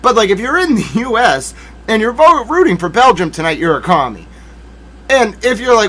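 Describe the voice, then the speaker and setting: A man with a fairly high voice that leaps all over the place, hosting a legal commentary livestream. He rants in theatrical mock outrage, swinging between shouting and muttering, and throws in asides to himself. It sounds unscripted and talky. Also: big pitch swings, normal speed.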